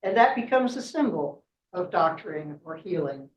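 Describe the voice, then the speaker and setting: A woman's voice: on the low side, lively intonation, moderate pace, slight background noise. A woman guest speaker telling a myth in a chatty way, laughing often and checking in with "right?". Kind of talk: storytelling talk at a club meeting. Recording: echoey room, distant mic, dull sound.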